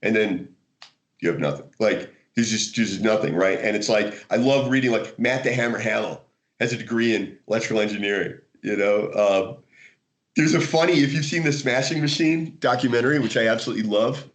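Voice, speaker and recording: An American man, a guest author in a casual interview, telling animated stories with frequent laughter and restarts. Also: lowish voice, a little fast. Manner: animated storyteller, laughs often, many restarts. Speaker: guest, martial arts author.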